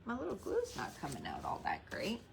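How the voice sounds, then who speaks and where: A woman's voice: lowish voice, huge pitch swings, a little fast, vocal fry, background noise. A middle-aged woman hosting a live craft tutorial, chatting and greeting viewers by name while keeping her voice down so a baby can sleep. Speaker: craft livestream host.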